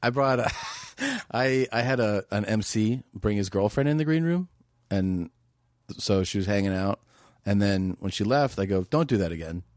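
Comedian guest, middle-aged man, low voice, loose rambling delivery, dry mic. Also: normal speed, no echo. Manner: relaxed, rambling, frequent restarts and "like". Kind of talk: casual chat.

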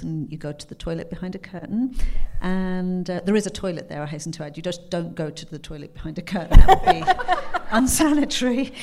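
A woman's voice: medium pitch, a little mellow. Chatty Englishwoman with an English accent. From England. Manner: chatty, self-deprecating, laughs often. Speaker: author, guest. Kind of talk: casual interview chat.

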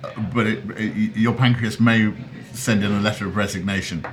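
A man's voice: lowish voice, steady tone, a little fast, background noise. A man hosting a podcast, chatting in a wry, playful way over lunch in a restaurant. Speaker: podcast host. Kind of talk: casual chat.

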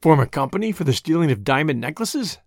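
A wry, easygoing young man, as an audiobook reader puts him on, answering with dry, understated wit. The delivery moves lively in pitch. It is recorded close and dry. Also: fast, no echo. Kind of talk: audiobook reading.

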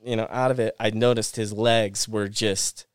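Smooth-voiced man telling a gripping story. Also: on the low side, normal speed, no room sound, clean studio sound. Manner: animated retelling full of restarts and repeated phrases. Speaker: podcast guest, former pro snowboarder. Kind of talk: casual storytelling interview.

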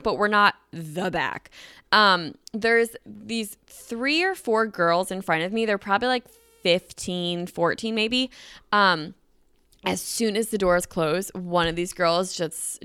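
A woman's voice: medium pitch, sharp tone, smooth, no echo, clean studio sound. A young woman hosting a podcast, telling a story in a chatty way full of "like" and acted-out quotes. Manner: chatty, lots of "like", acts out quotes. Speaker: podcast host. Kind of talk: casual storytelling.

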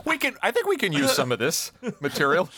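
A man co-hosting a comedy podcast, asking questions enthusiastically and laughing loudly. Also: high voice, wildly swooping pitch, a little fast, slightly rough, dry recording. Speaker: podcast co-host. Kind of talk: casual interview chat.

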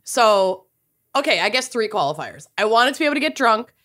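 A woman co-hosting a casual podcast, chatting and laughing in giggly, animated banter. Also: a little high, fairly quick. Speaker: podcast co-host. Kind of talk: casual chat.

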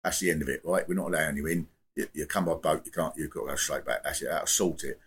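A man imitating a blunt, grumbling male radio caller who keeps saying "right?" in a low, gruff voice. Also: fairly even intonation, fast, fairly bright tone, exaggerated voice. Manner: gruff, repetitive "right?", plain-spoken. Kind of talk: impression within casual chat.

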